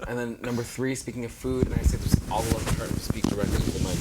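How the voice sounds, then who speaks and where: A man's voice: mid-range voice, fast talker, hardly any pauses, heavy background noise. A young man chatting casually as a guest, telling stories with flamboyant, sassy flair. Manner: flamboyant, animated storytelling with sassy asides. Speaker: guest, actor. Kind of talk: casual chat.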